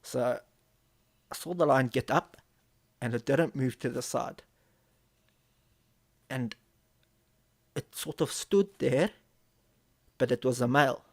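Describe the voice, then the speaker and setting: A man's voice: medium pitch, gravelly. A man casually telling a story on a live stream, swearing often and repeating phrases as he builds tension. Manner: profane, vivid storyteller who repeats phrases.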